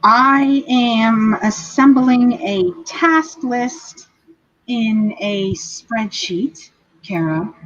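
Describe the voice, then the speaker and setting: Slow-talking woman on a dull mic. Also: on the high side. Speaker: writer on a livestream. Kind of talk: casual chat.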